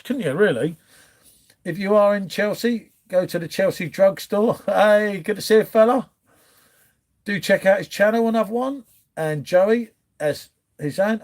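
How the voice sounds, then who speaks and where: A fairly high-voiced man chatting through a live stream from home, greeting viewers one by one with easy matey banter. He talks loosely and cheerfully, calling everyone mate and fella. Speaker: livestream host reading viewer chat. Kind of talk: casual live chat. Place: home, pub-style setup.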